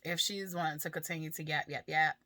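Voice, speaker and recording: A woman's voice: sits low, steady tone, fairly quick, pushed and bright, no echo. A woman vlogger and mother talking frankly about her life and parenting, laughing often and swearing freely, with many fillers. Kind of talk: candid personal talk to camera.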